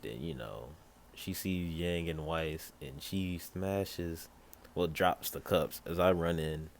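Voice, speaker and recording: A young man casually telling a rambling, improvised fan story, full of fillers and quick bursts of other characters' voices. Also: steady tone, slight background noise. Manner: rambling, loose with fillers and "yada yada"; acts out other characters in brief pitch jumps.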